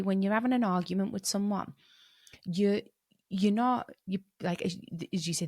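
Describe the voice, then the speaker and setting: A woman's voice: medium pitch, dry recording, studio quality. A woman hosting a podcast, asking thoughtful, musing questions with a rising lift. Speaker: podcast host. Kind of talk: conversational interview questions.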